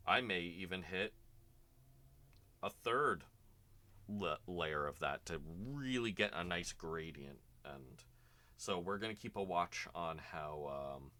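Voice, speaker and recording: Casting note: man, extremely deep but bright, forceful delivery, easygoing chatty streamer narrating his hobby work. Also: animated, slow. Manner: chatty, rambling, talks to chat while working. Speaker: miniature painter and streamer. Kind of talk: casual narrated painting session.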